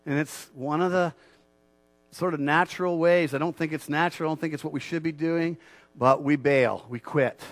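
Male pastor, slightly high voice, fervent sermon delivery that climbs from quiet to loud, repeats lines for punch, dry close sound. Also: steady tone, normal speed, no echo. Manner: swells from quiet earnest talk to loud, fervent preaching; repeats phrases for emphasis.

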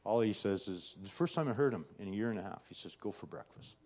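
Low-voiced man giving a rambling testimony. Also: expressive, fast talker, a little mellow. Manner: conversational, peppered with "right?" and "you know". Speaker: testimony speaker. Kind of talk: personal testimony.

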